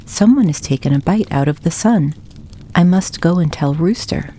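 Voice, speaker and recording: A woman voicing an anxious, hurried hen in a storybook, calling out in alarm. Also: lowish voice, lively intonation, warm tone.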